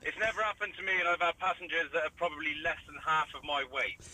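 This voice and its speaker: A man calling in to a live stream, bantering quickly and laughing. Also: a little high, crowd noise, rough recording. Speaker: phone-in caller. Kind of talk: casual phone chat.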